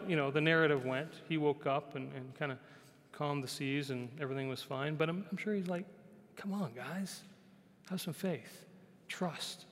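A male pastor preaching a conversational sermon. He repeats phrases, often asks "right?", and sometimes drops to a soft, quiet voice. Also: on the high side. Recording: long hall reverb.

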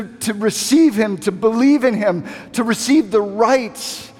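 A man delivering a sermon in a fairly high voice, building to emphatic runs and then easing into quiet, deliberate repetition. His words ring out with the long reverb of a large church sanctuary. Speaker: preacher.

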